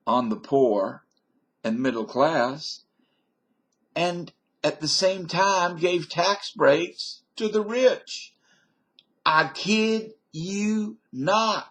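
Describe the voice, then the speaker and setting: Husky older man. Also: a little high, drawn-out words. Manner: folksy, digressive, wisecracking. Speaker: vlogger. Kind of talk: rambling monologue to camera. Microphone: webcam.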